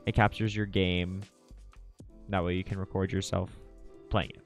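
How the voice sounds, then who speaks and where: A young man hosting a late-night livestream, chatting casually and breaking into excited high squeals. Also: normal speed, creaky, soft background music. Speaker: livestream host.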